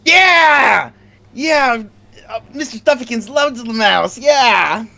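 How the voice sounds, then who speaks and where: A man's voice: very high-pitched, fairly even intonation, normal speed, fairly bright tone, voice pushed up. A man voicing a small spoiled girl with a squealing, childish whine. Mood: giddy, childish.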